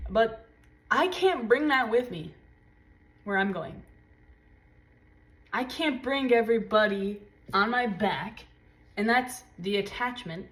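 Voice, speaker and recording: Swearing freely and talking with intensity, a woman offers a casual tarot reading. Her spiritual pep talk moves between low murmurs and high exclamations.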